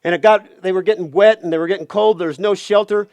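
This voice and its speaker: A man telling a folk tale aloud, animated, with playful asides. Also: high-pitched, fast talker, no echo. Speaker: storyteller.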